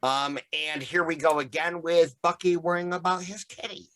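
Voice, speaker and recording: A young man with a bright, forceful voice pitched a bit high, chatting through a comic book recap. He rambles, swears freely and breaks into jokes as he goes. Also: little pitch movement, moderate pace. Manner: rambling, profane, summarizing comics with laughs. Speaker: podcast host. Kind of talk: casual comic book discussion.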